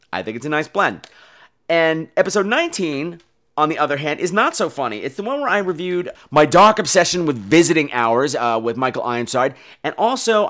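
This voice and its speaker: Male podcast host, campy and animated; bright, fairly high voice. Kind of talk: casual solo podcast chat.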